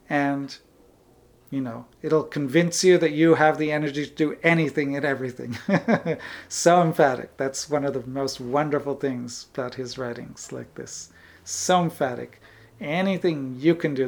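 Earnest man giving a spiritual talk. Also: fairly high pitch. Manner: earnest and emphatic, with frequent soft laughs and restarts; repeats phrases for emphasis. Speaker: spiritual teacher.

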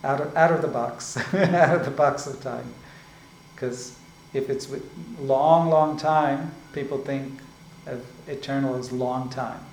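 A man giving a spiritual discourse as a teacher. He explains slowly and often checks in with "right?" and "like this". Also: medium pitch, fairly even intonation. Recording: echoey room with faint ambient noise.

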